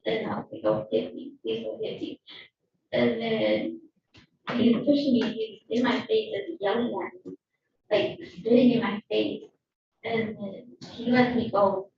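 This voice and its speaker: A woman giving shaken, halting testimony as a witness in a courtroom. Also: on the high side, expressive, background noise. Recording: echoey, distant, dull courtroom audio.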